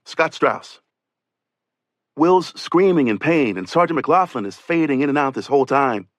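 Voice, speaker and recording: A man's voice: a little high, animated, measured pace, no echo. A man narrating an oral history audiobook, telling a rescuer's account in first person with a conversational delivery. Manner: voices witness testimony in first person, conversational.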